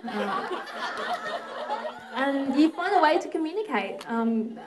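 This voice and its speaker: A woman from Australia telling a personal family story in a reflective, anecdotal way, with soft laughs and quoted asides. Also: sits high, big pitch swings, takes it slowly, very noisy.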